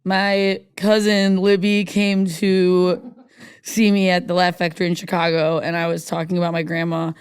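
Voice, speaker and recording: A comedian chats as a podcast guest in a mid-pitched voice. They tell loose, playful stories and slip into acted-out voices for the people in them. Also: monotone, moderate pace, clear, resonant tone, dry recording, clean studio sound. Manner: playful storyteller, acts out quoted voices. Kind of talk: casual comedy chat.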